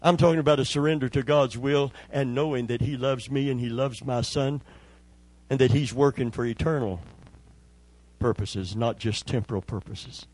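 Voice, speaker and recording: A middle-aged male pastor preaching a sermon, telling a personal story with emotion and dropping to a hushed voice when he re-enacts a prayer. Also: medium pitch, steady tone, normal speed, poor audio.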